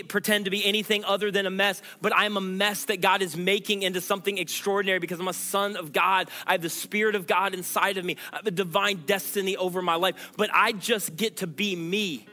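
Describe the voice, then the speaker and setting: A pastor preaching an earnest sermon. His voice sits high for a man and rings bright and forceful. He pleads with his listeners and builds to emphatic declarations. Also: steady tone, fairly quick, few pauses.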